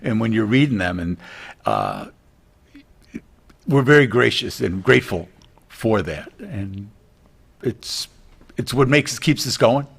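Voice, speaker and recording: A man's voice: on the low side, sing-song, takes it slowly, creaky, pauses often, slightly rough. A middle-aged man, a realtor guest, talking earnestly in a casual TV interview, rambling with many restarts.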